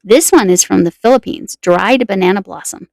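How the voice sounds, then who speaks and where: A woman's voice: mid-range voice, normal speed, creaky, a little mellow. A woman chatting to camera in a rambling, self-correcting way while showing snacks and yarn. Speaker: crochet vlogger. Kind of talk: casual chat to camera.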